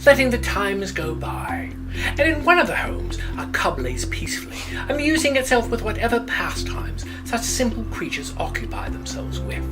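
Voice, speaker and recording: Woman, mock nature documentary narration, hushed breathy delivery, lively pitch, music in the background. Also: normal speed, in a whisper.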